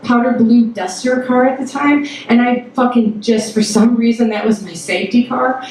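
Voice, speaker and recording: A woman from Toledo, Ohio, telling a personal story on stage to a live audience, animated and full of swearing, acting out every quote. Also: fairly high pitch, moderate pace, slight background noise. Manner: profane, animated, acts out quotes. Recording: echoey hall, mic at a distance.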